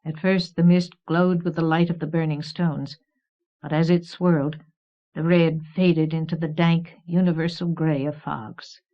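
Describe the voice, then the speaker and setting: Female narrator for fantasy audiobook, measured reading, fairly low voice, dull tape sound. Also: little pitch movement. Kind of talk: scripted narration. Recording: dull old cassette recording.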